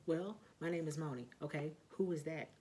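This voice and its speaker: A woman talking in a casual vlog monologue, blunt and profane, with lots of fillers and emphatic, loud outbursts. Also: sits low, moderate pace, a little hiss or hum. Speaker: vlogger.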